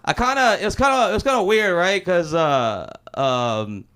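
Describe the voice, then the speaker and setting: A man's voice: sits high, animated, moderate pace, fairly bright tone, a little hiss or hum. A young man from Los Angeles doing a loose, rambling, profane open mic stand-up set in a small comedy club.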